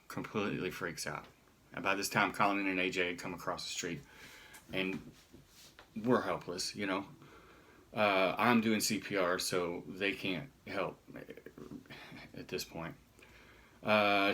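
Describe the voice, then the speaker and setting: A middle-aged man telling a personal story in a halting way, often restarting his sentences. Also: low voice, sharp tone.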